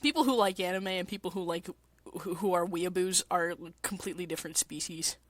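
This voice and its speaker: A woman's voice: fairly low pitch, fairly quick, no room sound. A woman with a congested, mucusy throat, chatting casually on a stream, crude and rambling. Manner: crude, swears often, rambling with fillers. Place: basement apartment.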